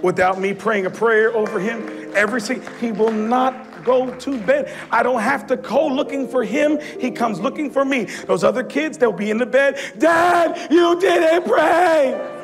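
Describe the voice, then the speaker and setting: Pastor, male, middle-aged, very high voice, impassioned church sermon over music. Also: moderate pace. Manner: impassioned preaching, shouting at peaks. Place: church sanctuary.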